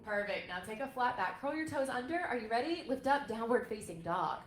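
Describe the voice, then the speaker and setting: A woman's voice: fairly high pitch, animated, a little fast. A woman yoga instructor in her thirties, guiding a parent-and-child stretch class with upbeat, encouraging cues. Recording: echoey room with faint noise.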